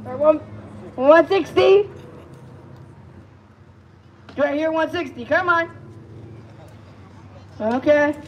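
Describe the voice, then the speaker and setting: A man's voice: very high voice, slow, long pauses, lo-fi sound, a little hiss or hum. A man calling bids at a live auction, coaxing and pleading with the crowd and repeating each price. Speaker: amateur auctioneer.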